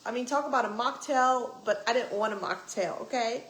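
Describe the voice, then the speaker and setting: A young woman vlogger telling a story to her live chat in a casual, animated way, swearing and acting out what people said. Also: a little high, fairly quick, roomy sound, poor audio. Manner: animated, swearing, acts out quoted voices. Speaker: vlogger on a livestream.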